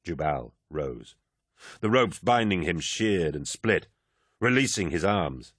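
A man narrating an audiobook in a measured, low-key storytelling manner. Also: very animated, fairly bright tone, no echo, studio quality. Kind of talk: scripted narration.

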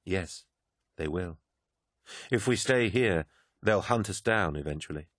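A man reading an audiobook, voicing a woman prophet who speaks calmly and with certainty, solemn and resolute. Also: sits low, measured pace, no echo, studio quality, full character voice. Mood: resolute, fervent.

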